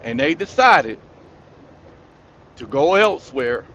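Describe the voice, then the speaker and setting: A man's voice: fairly high pitch, very animated, slow, a bit bright, muffled recording. A man hosting his own channel, delivering a scolding, preachy rant straight at his audience, repeating his points for emphasis. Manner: preachy, scolding, repetitive, addresses the audience directly. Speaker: commentary channel host. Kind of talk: ranting monologue commentary.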